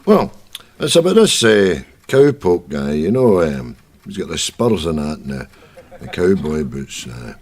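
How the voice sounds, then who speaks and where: Brief: cranky old Scottish pensioner, lively up-and-down voice, fond of cowboy books. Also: male voice, low voice, measured pace, slightly rough, full character voice. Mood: bickering. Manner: grumbling, mocking banter.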